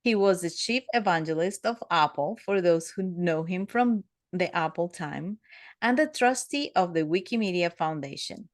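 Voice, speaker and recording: A woman's voice: fairly low pitch, lively intonation, moderate pace, no room sound, clean studio sound. A woman in her fifties hosting a podcast, introducing her guest in an earnest, admiring way. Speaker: podcast host.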